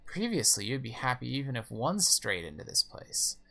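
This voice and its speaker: A man voicing a nervous middle-aged mother who bursts into high, startled exclamations. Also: big pitch swings, moderate pace, vocal fry, sharp tone, full character voice. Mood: reminiscing. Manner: sudden startled outbursts. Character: anxious middle-aged mother, jumpy and sharp-tongued.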